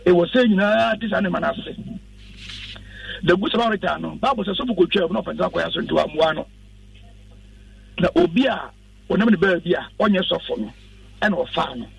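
A man's voice: sits high, vocal fry, dry recording, far from the mic, low-quality recording. A man, a pastor speaking as a radio guest in an earnest, instructive preaching style. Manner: earnest, instructive, quotes scripture.

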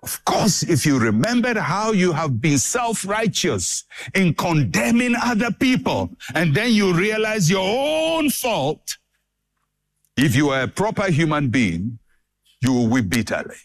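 A man delivers a sermon in a measured, unhurried way, stacking repeated phrases for dramatic effect. His voice sits fairly high and rises and falls with wide, lively swings as he drives each point home. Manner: dramatic, emphatic preaching with repetition. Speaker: preacher.

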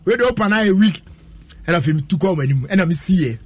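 A man's voice: sits high, animated, fast, a little mellow, husky, no echo. A man, telling a long story in a casual chat and laughing often as he goes.

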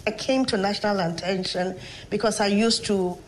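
A Ghanaian woman, a professor appearing as a guest in an interview conversation, tells stories and reflects in a measured way. Her medium-pitched voice has fairly even intonation. The recording is rough, with a little hiss or hum.

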